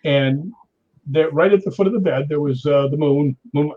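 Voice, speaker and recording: A man, a guest on a chat show, telling an animated story and tagging his sentences with "right?". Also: a little high, normal speed, lo-fi sound.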